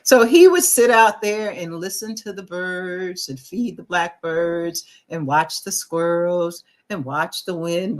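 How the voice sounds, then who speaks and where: A middle-aged woman co-hosting a talk show, telling a personal story in casual chat and acting out the voices of people she quotes. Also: fairly low pitch. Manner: animated storyteller, acts out quoted voices, restarts often.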